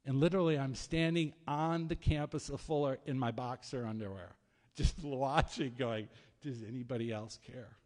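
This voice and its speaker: A man preaching a sermon as pastor, telling stories in a lively, conversational way. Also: medium pitch, moderate pace. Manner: storytelling, animated, conversational preaching. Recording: long hall reverb.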